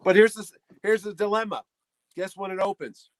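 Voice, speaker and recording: A middle-aged podcast host with a high-pitched voice talks briskly, animatedly acting out quotes as he tells a comic story in a laid-back conversation. The recording sounds rough.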